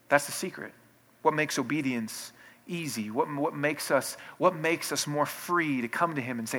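Bright-voiced male pastor preaching. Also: a little high, normal speed. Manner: conversational, with restarts and rising intensity. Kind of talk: sermon.

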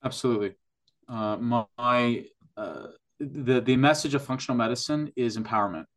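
A man's voice: medium pitch, normal speed. A man who works in functional medicine, a guest on a podcast interview, explaining at length with enthusiasm and frequent restarts.

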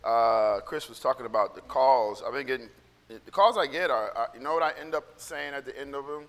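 Recorded with long hall reverb in a church sanctuary, this male pastor talks a little fast in a mid-range, fairly bright voice. His casual sermon is a meandering story with many restarts, building to fervent encouragement he repeats again and again.

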